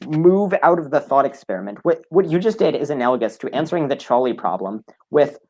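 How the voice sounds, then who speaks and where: A man's voice: fairly high pitch, lively intonation, a little fast, a little mellow. A man debating, insistently pressing his opponent and repeating his demands for an answer. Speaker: debater arguing against a belief. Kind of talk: heated live debate.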